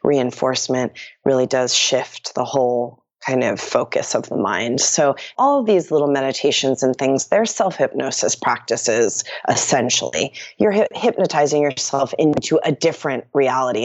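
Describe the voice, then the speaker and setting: Low-pitched woman meditation teacher, calm measured guidance, dull lo-fi dry line. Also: no echo. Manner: calm, measured instruction with repeated mantra. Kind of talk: guided breathing meditation and interview talk.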